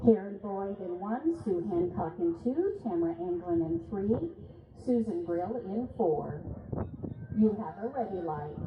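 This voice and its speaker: A woman announcing results and reading rules over an arena PA at a horseback event, measured and deliberate, apologizing when she stumbles over names. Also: medium pitch, animated, narrow, tinny audio. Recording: echoey arena PA, phone-thin, noisy.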